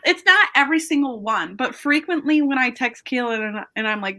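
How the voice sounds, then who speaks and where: Young woman, host of a reading chat over a video call; bright, chatty, quick to laugh at herself. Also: a little high, expressive. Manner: chatty, laughs often, self-deprecating. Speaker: host of a reading sprint stream. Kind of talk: casual chat.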